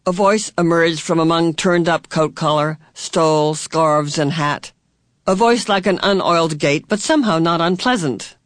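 A man reading a storybook aloud in a measured, even way. His voice is notably high for a man, recorded close and dry with no room sound. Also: no room sound. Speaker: audiobook reader. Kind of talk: scripted narration.

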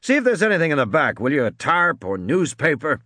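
A man's voice: fairly high pitch, sing-song, brisk, sharp tone, no echo, voice pushed up, heavily acted. A man voicing a tough, terse game warden who speaks in clipped, blunt orders. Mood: urgent.

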